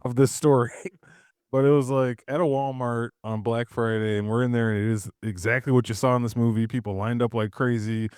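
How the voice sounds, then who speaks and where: A man's voice: mid-range voice, steady tone, a little fast, darkish tone, smooth, dry recording, clean studio sound. Laid-back man telling a rambling, swearing story. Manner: rambling storyteller, swears freely, laughs mid-sentence. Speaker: podcast co-host. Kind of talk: casual chat.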